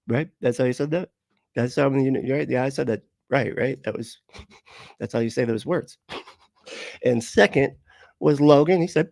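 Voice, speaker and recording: A man's voice: mid-range voice, normal speed, creaky, mellow, no echo, studio quality. A man hosting a casual livestream. He swears a lot, laughs often and talks straight to his viewers. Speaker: host.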